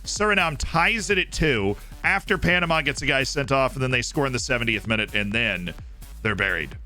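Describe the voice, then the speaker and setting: Bright-voiced excitable male streamer. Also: medium pitch, brisk, soft background music. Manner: excitable, jokey, talks to himself. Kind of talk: casual game commentary.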